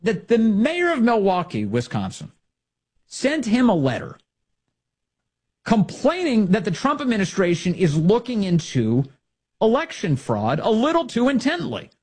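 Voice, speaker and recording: A male talk show host with a lively voice that swings up and down as he fires off sarcastic rhetorical questions. His tone is a touch husky and sits fairly high for a man. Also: unhurried. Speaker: political commentary host. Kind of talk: opinionated talk show monologue.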